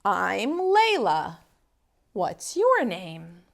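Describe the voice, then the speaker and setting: A woman's voice: mid-range voice, huge pitch swings, drawn-out words, vocal fry, exaggerated voice. A woman voicing a grumpy little girl monkey from a storybook, eager and full of questions. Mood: friendly.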